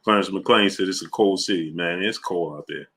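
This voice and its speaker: A New York man hosts a casual livestream, running through viewer names with slangy greetings. His voice sits low. It has a bright, forceful edge. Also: moderate pace. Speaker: livestream host.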